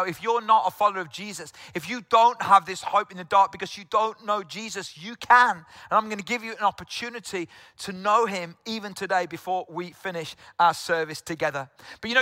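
Welsh-born male pastor, middle-aged, earnest sermon voice, high pitch, dry close sound. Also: bright, forceful tone, no echo. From South Wales. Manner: earnest, direct address, repeats phrases for emphasis. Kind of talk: sermon to an online congregation.

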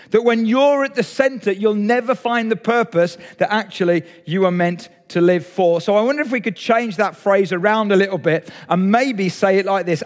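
A man's voice: sits high, big-room sound. A man preaching a sermon in a chatty way, talking straight to his church and an online audience. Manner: conversational, audience-engaging preaching. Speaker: pastor. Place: church hall, streamed online.

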